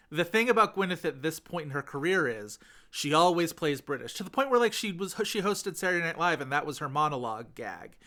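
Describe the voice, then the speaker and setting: A man's voice: on the high side, bright, forceful tone. A man co-hosting a podcast, talking in a chatty, rambling way full of fillers. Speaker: podcast co-host. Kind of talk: casual chat.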